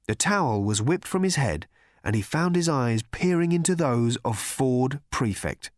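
A man narrating an audiobook with expressive comic timing. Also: medium pitch, normal speed, dry recording, studio quality. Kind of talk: scripted narration.

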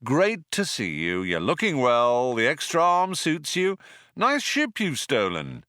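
A man's voice: medium pitch, wildly swooping pitch, slow, sharp tone, dry recording, clean studio sound, heavily acted. A man reading an audiobook, voicing a laid-back male galactic traveller who drawls to sound cool. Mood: drawling.

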